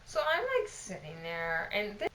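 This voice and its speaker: A woman's voice: mid-range voice, huge pitch swings, a little slow, sharp tone, echoey room, slight background noise, poor audio. A tipsy woman in her twenties telling a casual, profane, exasperated storytime to her camera. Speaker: vlogger.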